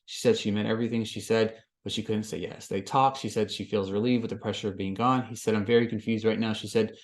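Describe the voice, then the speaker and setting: A man hosting a podcast, recapping a reality show in casual commentary, swinging from flat summary to loud exasperated rants. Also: on the low side, quick pace. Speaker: podcast host.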